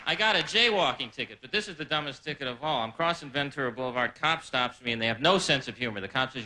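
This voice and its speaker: A man's voice: mid-range voice, animated, fast talker, few pauses, pushed and bright. A man doing a rambling, self-deprecating stand-up comedy set on a live stage, full of asides. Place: live stage before a laughing audience. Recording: noisy live recording.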